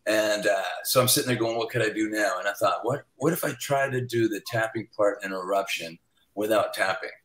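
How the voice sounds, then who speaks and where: A man telling lively stories as a guest on a video-call show, often laughing as he talks. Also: fairly low pitch, brisk, a little hiss or hum. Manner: animated, laughs through his stories. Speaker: guest guitarist. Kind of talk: casual storytelling chat. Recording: roomy echoey sound.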